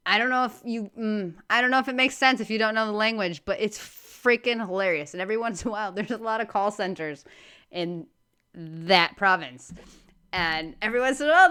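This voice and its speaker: A young woman from Argentina, chatting excitedly and rambling as she reacts to a comedy clip. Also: mid-range voice, smooth. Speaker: reaction video host. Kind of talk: casual reaction commentary.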